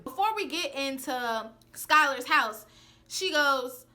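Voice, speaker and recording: A young woman telling a personal story to her camera in a casual storytime chat, sassy and animated, acting out what others said. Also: high voice, measured pace, noisy background. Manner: sassy, animated, acts out the quoted lines.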